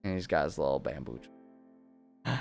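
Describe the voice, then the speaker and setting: Cheerful low-voiced man chatting on stream. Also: animated, normal speed, soft background music. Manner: cheerful, chatty and easily delighted. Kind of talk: casual live-stream chat while building.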